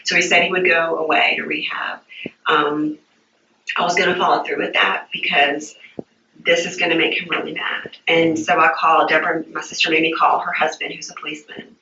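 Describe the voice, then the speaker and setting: A woman's voice: low-pitched, level tone, brisk, sharp tone, slight background noise. A woman recounting events to a detective in a police interview, hesitant and stumbling, repeating her words. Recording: muffled roomy archive interview tape, distant.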